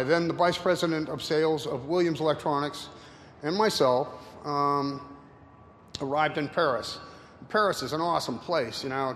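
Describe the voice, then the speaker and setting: A man in his sixties giving a casual slide talk with anecdotes to an audience, rambling and halting with many fillers. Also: on the high side, a bit bright. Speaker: presenter. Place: room with an audience. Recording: reverberant hall, faint noise.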